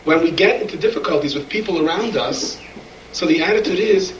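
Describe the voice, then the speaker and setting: A man's voice: on the high side, fairly quick, recorded from a distance, a little hiss or hum. Echoey storytelling rabbi, man. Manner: animated storyteller, acts out voices in quotes. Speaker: rabbi telling stories. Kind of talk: sermon storytelling. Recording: echoey room, speaker away from the mic.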